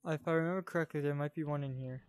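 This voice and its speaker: Excitable high-voiced man gaming. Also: very fast, clear, resonant tone. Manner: excitable, yells at enemies, then mutters to himself. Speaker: gaming channel host. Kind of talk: casual VR gameplay commentary.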